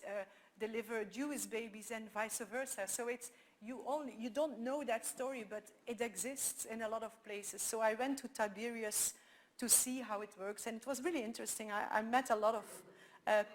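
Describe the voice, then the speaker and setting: A woman with a Flemish accent speaks English as her second language, her first being Dutch. Her voice sits slightly high, and she gives a conference talk as a string of animated anecdotes. She restarts her sentences often as she goes. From Belgium. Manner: animated storytelling with frequent restarts.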